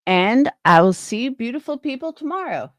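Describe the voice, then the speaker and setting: A woman's voice: fairly high pitch, very animated, normal speed, no room sound, studio quality. A woman live streamer chatting casually with her viewers, opinionated and rambling, restarting her sentences.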